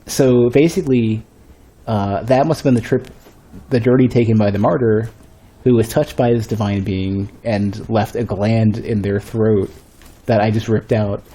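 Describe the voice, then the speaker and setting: A streamer talks through his game in a low, mellow voice with a slight husk. He rambles as he thinks aloud and pokes fun at himself. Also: fairly even intonation, normal speed. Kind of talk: casual gameplay commentary.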